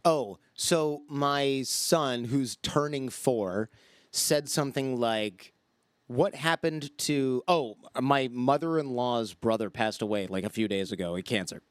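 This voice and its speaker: A man's voice: medium pitch, takes it slowly, no room sound. A man in his forties, a podcast guest, chatting casually and acting out the people in his stories. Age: 40s. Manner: storytelling, acts out quoted voices. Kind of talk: casual chat.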